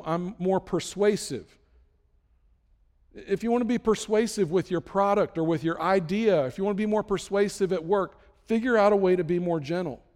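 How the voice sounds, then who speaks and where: A man preaching a conversational sermon as a pastor, emphatic, with sudden loud bursts. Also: high-pitched, long reverb tail.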